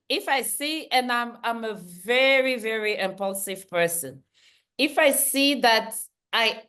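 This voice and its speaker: A woman's voice: a little high, fairly bright tone. A woman leading a leadership workshop, talking emphatically, repeating her key points and laughing easily. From Central Africa. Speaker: workshop trainer. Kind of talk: online leadership training talk.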